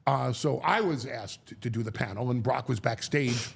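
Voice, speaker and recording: A man talking as a guest, telling a story in a lively way, acting out quotes and often restarting his sentences. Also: mid-range voice, vocal fry, husky. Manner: animated storyteller, acts out quotes, halting restarts. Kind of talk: storytelling chat.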